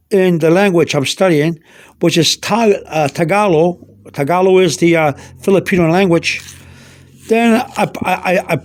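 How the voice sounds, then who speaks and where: A man with a notably high voice talks through a casual show-and-tell, narrating each small step as he goes. He sounds like he's at home indoors, filming on a phone held over his notebook. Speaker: self-taught language learner.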